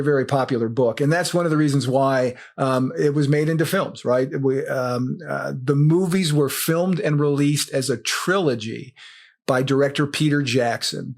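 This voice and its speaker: A man with an American Midwestern accent, co-hosting a podcast in a chatty, playful way and speaking to listeners. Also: mid-range voice. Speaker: podcast co-host. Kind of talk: conversational podcast interview.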